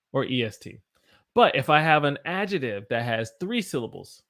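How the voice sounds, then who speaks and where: A man's voice: medium pitch, creaky, a bit bright. Chatty American man teaching English live. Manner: chatty, answers viewer comments as he teaches; stops to self-correct and search for examples. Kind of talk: live-streamed English lesson.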